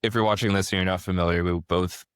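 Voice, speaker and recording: Low-voiced male podcast host. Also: quick pace, clear, resonant tone, no room sound, clean studio sound. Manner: animated storyteller, frequent restarts. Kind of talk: casual conversation.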